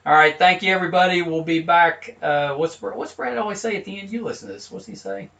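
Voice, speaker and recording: A man's voice: high-pitched, fast talker, creaky, sharp tone, recorded from a distance, dull audio. A man hosting a podcast in casual banter, playful and joking, laughing through flubbed takes. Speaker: podcast host.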